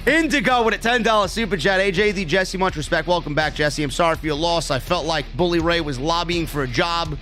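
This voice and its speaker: A man's voice: fairly high pitch, fairly quick, hardly any pauses, bright, forceful tone, faint music behind. A man hosting a live wrestling review stream, reading viewer super chats aloud and chatting casually with plenty of swearing. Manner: casual, profane, reads donor messages aloud.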